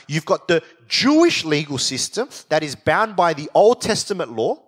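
A man's voice: on the high side, fairly bright tone. A man teaching a Bible study in sermon style, explaining with emphasis and reading scripture aloud.

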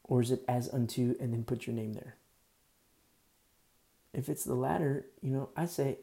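A man's voice: medium pitch, normal speed, creaky, pauses often, warm tone. A man preaching a sermon in a conversational, folksy way, with asides and quoted lines. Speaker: pastor.

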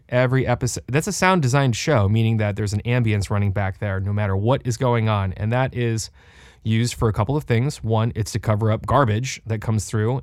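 A young adult man co-hosting a casual podcast from his home studio, animated and joking, swearing freely. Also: mid-range voice, no room sound. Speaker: podcast co-host.

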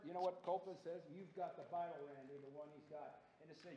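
A man co-pastor chiming in with quick, offhand remarks during a sermon, heard from away from the microphone. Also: a little high, dark tone, reverberant, in a large hall, muffled recording. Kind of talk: sermon aside. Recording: distant from the mic with faint noise.

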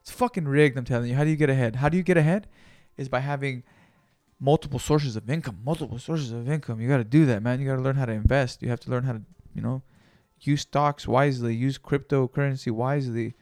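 A man's voice: medium pitch, fairly even intonation, quick pace, darkish tone, dry recording, clean studio sound. A man hosting a solo podcast, talking in a casual, rambling, profane and motivational way. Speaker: podcast host.

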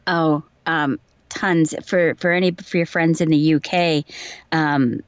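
A woman's voice: sits low, steady tone, slow, smooth, no echo, muffled recording. Chatty woman voice actor, dry sound. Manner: chatty, laughs easily, tells anecdotes. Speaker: voice actor guest. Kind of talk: casual interview chat.

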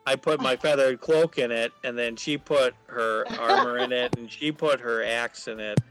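A man's voice: medium pitch, fairly even intonation, normal speed, a bit bright, soft background music, rough recording. A man playing at a tabletop game, chatting casually and stopping to think mid-sentence. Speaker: player. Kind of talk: casual chat at the gaming table.

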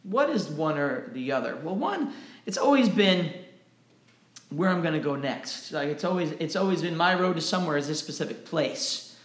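Animated man preaching in an echoey room. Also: fairly high pitch, normal speed. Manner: animated, repeats words when excited. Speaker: pastor. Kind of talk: sermon. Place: church.

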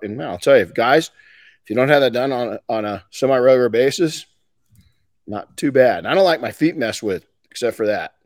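A man's voice: medium pitch, expressive, moderate pace, no echo. A middle-aged man hosting a podcast, talking casually and folksily with frequent restarts. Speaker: podcast host. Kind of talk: casual motivational talk.

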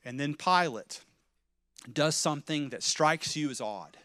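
A male preacher tells a vivid story in sermon style, his voice high and bright. He swings between quiet, low passages and loud, shouted moments. The sound is dry and close, with no room echo. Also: expressive, measured pace. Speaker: pastor.

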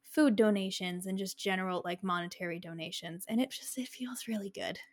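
A woman co-hosting a podcast in casual chat, relaxed and rambling with fillers. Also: mid-range voice, brisk. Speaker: podcast co-host.

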